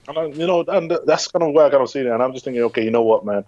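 A man's voice: mid-range voice, racing, darkish tone, no echo, lo-fi sound. A man as a guest in an interview, speaking earnestly and reflectively in a rambling way. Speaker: guest bodybuilder. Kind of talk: casual interview chat.

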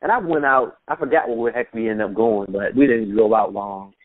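A man's voice: on the low side, no echo. A man as an interview guest, telling stories in a laid-back way, laughing now and then. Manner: laid-back storytelling, quick laughs, mimics voices in anecdotes. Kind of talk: casual recollection over a phone interview. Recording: tinny phone line, dry.

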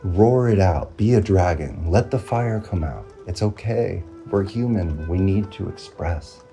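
A man giving an earnest motivational monologue, repeating phrases and pausing often. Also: deep voice, music in the background. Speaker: motivational vlogger.

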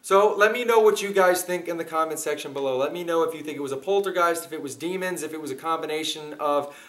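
A man's voice: fairly high pitch, fast, a bit bright. A man hosting, telling a story to his viewers in an earnest, casual way. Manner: earnest, speaks straight to viewers. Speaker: host.

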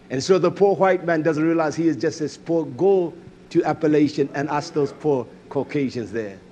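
A male preacher delivers a fiery sermon, lurching from loud outbursts to low muttering, repeating phrases and crying hallelujah. There's a little hiss or hum in the recording.

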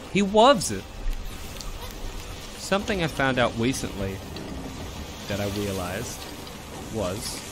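A man streaming a game, chatting playfully in a put-on cutesy uwu voice that turns his r sounds into w. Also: on the low side. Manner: playful, silly asides. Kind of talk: casual live-stream chat while gaming. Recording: steady background noise under the voice.

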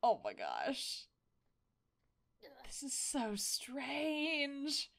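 A woman hosting a casual game playthrough, excitable and quick to gasp and laugh as she reacts. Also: sits high, creaky. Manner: excitable, frequent gasps and laughter. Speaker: gaming video host. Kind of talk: casual let's-play commentary.

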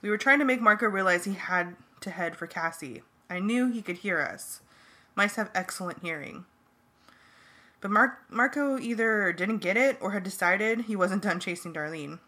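A woman reading a first-person novel aloud as an amateur audiobook, in a plain, steady manner. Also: medium pitch, moderate pace. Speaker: audiobook reader.

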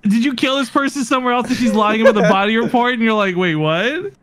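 A man in a casual gaming chat, quick and reasoning, leading the discussion. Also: very high-pitched, a crowd in the background. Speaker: game player.

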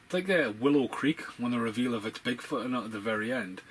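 A man giving casual, profane, rambling commentary over a film, getting excitable as he talks. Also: medium pitch, fast talker, slightly rough, low-quality recording.

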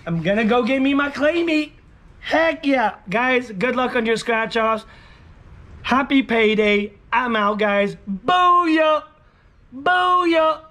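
High-voiced excitable scratch-off vlogger man. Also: a little slow. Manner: excitable, shouts catchphrases. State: hoarse from shouting. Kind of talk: casual vlog, talking to viewers.

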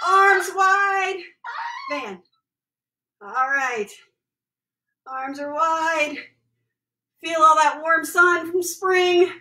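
A woman's voice: high voice, bright, forceful tone, slight background noise. A woman, a mother, cheerfully leading a family home workout, counting reps and giving encouraging instructions. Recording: echoey room, voice from far off the mic.

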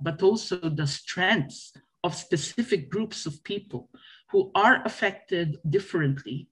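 A woman from Southeast Asia speaking earnestly as a panel speaker, pausing often with fillers. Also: fairly low pitch, husky. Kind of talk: panel discussion remarks.

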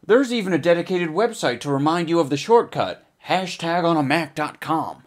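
A young man hosting a comedy vlog, reviewing a product with crude, mocking sarcasm, swearing often and swinging between loud outbursts and muttered asides. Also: fairly high pitch, expressive, normal speed, hardly any pauses.

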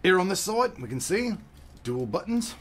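A man doing a gruff pirate voice in a playful way while unboxing a product, with sound effects between his words. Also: sits high, sing-song, moderate pace, a bit bright, voice pushed up, heavily acted.

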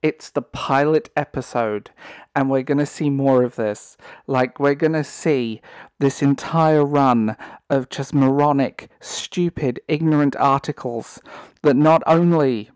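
A man's voice: medium pitch, measured pace, a little mellow, smooth, no room sound. A man giving ranting online commentary, sarcastic and exasperated, breaking into disbelieving laughter.

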